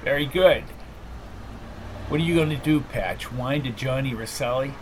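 A man voicing a smirking, menacing government operative with a low, sneering, cold delivery. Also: normal speed, background noise, close to an everyday voice.

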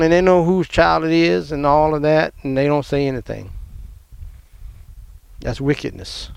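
A middle-aged man from the American South telling a personal family story in an emphatic, animated way. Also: high voice, gravelly, clear, resonant tone, no echo.

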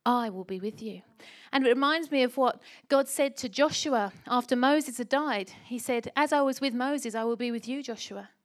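Middle-aged woman preaching, kinda high voice, emphatic and animated, lots of rhetorical questions. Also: normal speed, few pauses. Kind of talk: sermon.

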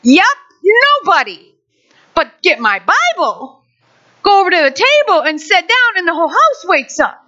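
A middle-aged woman telling a personal faith testimony, animated and acting out what people said. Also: extremely high pitch, unhurried, muffled recording. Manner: animated storyteller, acts out quotes.

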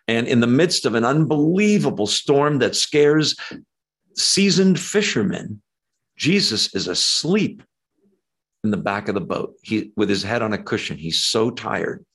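Guy preaching, swings up loud then drops quiet, chatty asides to the crowd. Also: medium pitch, slightly rough. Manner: animated, emphatic, conversational preaching with asides. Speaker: pastor. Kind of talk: sermon.

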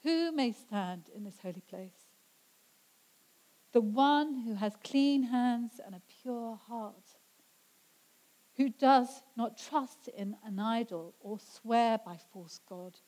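A woman preaching a sermon, her voice sitting slightly high. She speaks with earnest conviction and slows down to stress the scripture passages. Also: warm tone, rough recording. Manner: earnest, slows down for emphasis when quoting scripture.

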